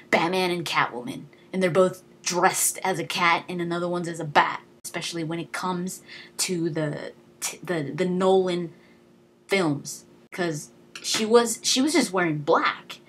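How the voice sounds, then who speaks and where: A woman's voice: on the low side, fairly bright tone, husky. A young woman giving a casual, chatty movie review, enthusiastic and full of fillers and restarts. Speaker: video blogger.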